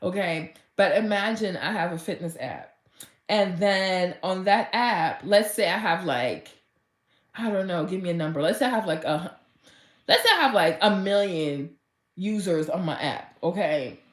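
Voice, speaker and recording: A woman fitness vlogger talking casually and gushing with excitement, full of "like" fillers. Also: lowish voice, unhurried, echoey room. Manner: gushing and chatty, heavy use of "like", and bursts of excitement. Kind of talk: casual motivational vlog talk.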